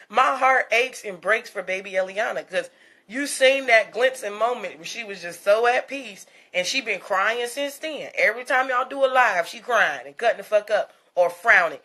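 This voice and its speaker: A woman host delivers a gossip commentary rant in a bright, somewhat high voice. She is blunt and profane and mocks her targets, breaking into laughter again and again. Her dialect is African American English. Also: sing-song, normal speed.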